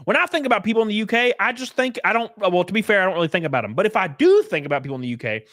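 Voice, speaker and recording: Animated, profane man streaming. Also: high-pitched, very fast, no echo, clean studio sound. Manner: animated, rambling, profane, jokey. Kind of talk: casual livestream chat.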